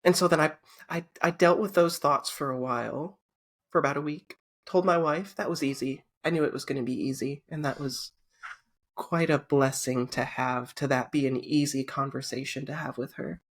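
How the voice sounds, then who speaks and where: A woman's voice: deep voice, steady tone, normal speed, husky. A woman guest on a podcast interview, chatting candidly with blunt humor. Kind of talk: casual interview chat.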